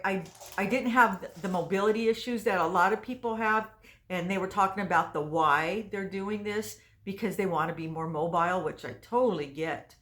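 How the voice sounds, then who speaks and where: A woman's voice: medium pitch, fairly bright tone. A woman in her sixties, talking casually to her viewers in a rambling, chatty way with frequent restarts. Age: 60s. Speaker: vlogger. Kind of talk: casual chat to camera.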